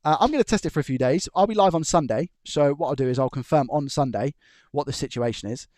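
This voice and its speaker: A man's voice: a little high, fast talker, darkish tone, no room sound. Chatty man, dry close sound. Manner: rambling, chuckling storyteller who restarts sentences. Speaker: electronics repair live streamer. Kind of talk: casual chat on a live stream. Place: his own room at home.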